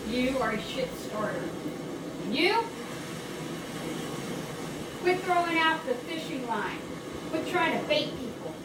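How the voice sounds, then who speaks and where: A woman vlogger delivering a blunt, repetitive, profane rant that grows louder and more heated. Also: high-pitched, lively intonation, takes it slowly, pauses often. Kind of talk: ranting to camera. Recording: echoey, distant mic with loud vehicle noise.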